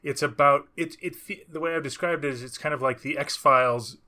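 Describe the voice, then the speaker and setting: Man, bright and crisp, eager podcast co-host. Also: on the high side, brisk. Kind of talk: casual podcast chat.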